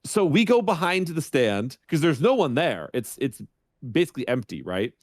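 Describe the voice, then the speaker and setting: A man's voice: a little high, moderate pace, no echo. A man on a podcast casually telling a funny anecdote, acting out the voices of the people in it. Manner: animated, acts out voices in his anecdotes. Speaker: guest streamer.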